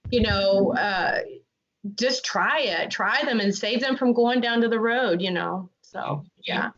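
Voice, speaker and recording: On the high side and a bit bright, her voice moves at a slow pace. This amateur dressage rider, a North Carolina resident, guests on a casual podcast, talking earnestly and at length in a chatty way with many restarts, on dull lo-fi podcast audio.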